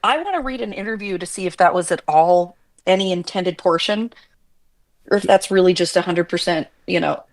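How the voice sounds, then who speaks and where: A woman's voice: fairly low pitch, a little fast. A woman co-hosting a horror film podcast, talking casually with lots of fillers and self-deprecating jokes. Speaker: podcast co-host. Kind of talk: casual chat.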